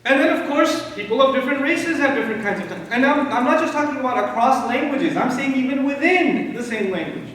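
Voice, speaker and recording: A man from Pakistan giving an animated religious lecture, emphatic and full of rhetorical questions and dry humor. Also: extremely high pitch, quick pace, few pauses. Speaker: Islamic lecturer. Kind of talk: lecture to a live audience. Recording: echoey hall recording from far off.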